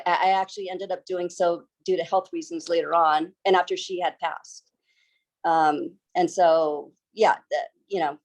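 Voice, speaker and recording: A woman's voice: fairly low pitch, a little mellow. A woman author answering interview questions in an earnest, reflective way, with some hesitant restarts. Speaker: author, guest.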